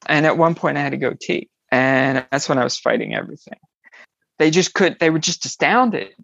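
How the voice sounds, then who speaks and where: A woman with a low, husky, gravelly voice tells a personal story as an interview guest. Her pitch swings widely as she acts out the people in it. The recording is dry and muffled. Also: lively intonation, normal speed, a bit bright, no echo.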